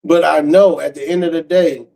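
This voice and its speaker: Streamer, male, gravelly and slightly high, harsh profane ranter. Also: fairly even intonation, moderate pace, dark tone, low-quality recording. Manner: blunt, cursing, harsh. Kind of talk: profane casual rant.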